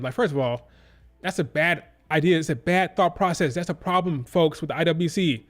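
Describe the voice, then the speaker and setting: A man's voice: a little high, normal speed. A man hosting a wrestling review stream, ranting in a blunt, exasperated way and swearing casually.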